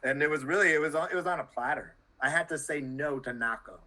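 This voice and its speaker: A man's voice: on the high side, fast, pushed and bright, rough recording. A Canadian man, a journalist, talking as an interview guest in a loose, rambling way full of "like" and restarts. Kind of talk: casual interview conversation.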